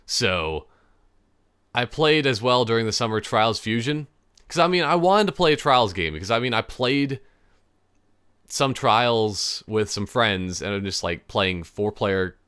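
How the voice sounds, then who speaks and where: A young man with a fairly low, fairly bright voice chats casually on his own solo podcast, rambling, interrupting himself, and sometimes laughing at his own jokes. The recording is dry, with a clean studio sound.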